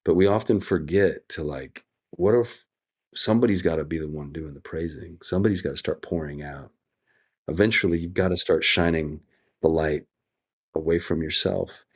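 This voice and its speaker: Deep-voiced man, earnest and reflective. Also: slightly rough. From United States. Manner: earnest, storytelling, drawn-out pauses. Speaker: actor guest. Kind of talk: reflective interview talk.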